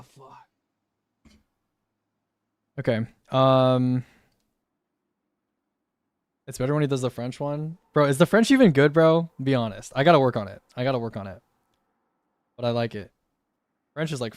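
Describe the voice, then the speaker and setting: A young man talking casually on a live stream, loose and slangy, often tossing in "bro". His voice sits at an ordinary pitch for a man. The recording is close and dry, with almost no room sound. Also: smooth, no room sound. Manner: laid-back and slangy, often says "bro".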